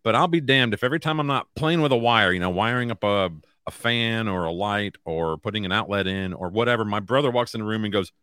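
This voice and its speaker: A middle-aged man hosts a podcast from a room in his home and talks in a plain, blunt way full of swearing. His voice is lowish but bright and forward, and the recording is dry. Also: brisk, hardly any pauses, clean tone, no echo. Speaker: podcast host. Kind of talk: casual podcast chat.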